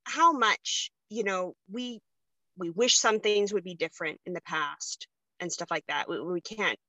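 A woman's voice: on the low side, a little slow, sharp tone, no room sound. A woman hosting a podcast, talking in a chatty, gushing way about books that moved her. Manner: chatty, gushing, laughs easily. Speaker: podcast host. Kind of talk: casual chat.

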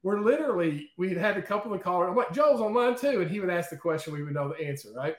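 A man guest in an interview, telling stories in a lively, chatty way and often checking in with "okay?" and "right?". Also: high voice, very fast, reverberant. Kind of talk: casual storytelling in an interview.

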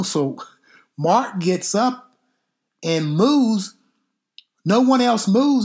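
Middle-aged football coach hosting a podcast. Slow, drawn-out storyteller who curses mildly, with a voice a bit higher than most men's. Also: male voice, a little mellow. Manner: unhurried, drawn-out delivery with mild cursing. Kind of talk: casual storytelling.

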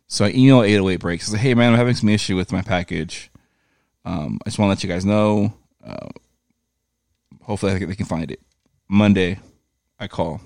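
A man with a low voice tells a rambling story in a loose, profane way and slips into voices for the people in it. The sound is dry and close. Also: fairly quick, pauses often, no echo. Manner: profane, animated retelling with quoted voices. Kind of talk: casual storytelling chat.

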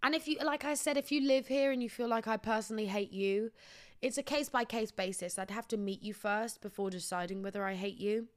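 A woman's voice: a little high, fairly quick. A British woman hosting a podcast, telling a comic story in a blunt, sweary, self-deprecating way. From Britain. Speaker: podcast host.

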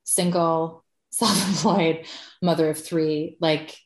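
A woman in her thirties tells her story in a candid, conversational way, swearing freely and breaking into laughs. Her voice sits on the low side. The recording has a noticeable roomy echo. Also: steady tone, slow. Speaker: podcast guest.

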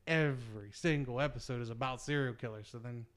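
A man's voice: mid-range voice, brisk. A man in his thirties chatting casually and telling stories with a laugh. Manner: chatty storyteller, laughs at his own jokes. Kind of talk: casual chat.

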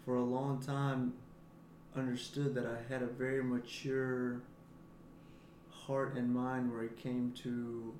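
A man's voice: mid-range voice, level tone, slow pace, darkish tone, slight background noise. A man talking earnestly and reflectively in a casual podcast conversation. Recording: roomy echo.

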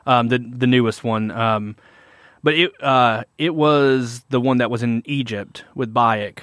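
A man's voice: medium pitch, unhurried, a bit bright, dry recording, studio quality. A man hosting a casual gaming podcast, rambling with many fillers and restarts. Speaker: podcast host.

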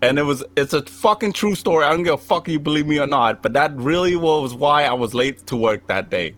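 A man's voice: a little high, fairly quick. A young man telling a long comic story to friends, swearing constantly and acting out the lines he quotes. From Cambodian. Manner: animated, heavy swearing, acts out quotes. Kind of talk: profane comedic storytelling among friends.

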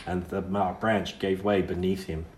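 A man reads a storybook aloud in a measured, expressive manner. His voice sits low. The recording has a roomy, echoey sound. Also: a little hiss or hum. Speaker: audiobook reader. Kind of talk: storybook narration.

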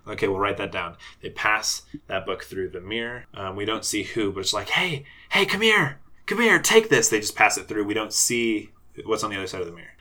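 Fast, bright-voiced man pitching a story. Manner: excited storytelling, acts out lines, swears casually. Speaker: podcast co-host. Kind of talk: casual brainstorming chat.

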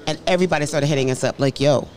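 A woman's voice: low voice, racing, a little mellow. American woman, thirties, frank storyteller, acts out quotes, swears casually. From United States. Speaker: guest, professor. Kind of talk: candid casual chat.

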